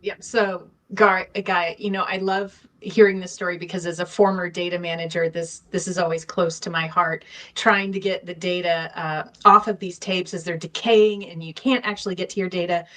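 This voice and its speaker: A woman's voice: lowish voice, steady tone, moderate pace, fairly bright tone. A woman co-hosting a live business chat, speaking enthusiastically over a video call with frequent fillers. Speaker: co-host. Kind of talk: casual livestream chat.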